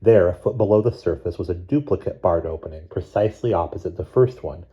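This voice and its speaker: A man reading a novel chapter aloud in a measured, steady narration. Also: low voice, muffled recording. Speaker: audiobook reader. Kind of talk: scripted narration.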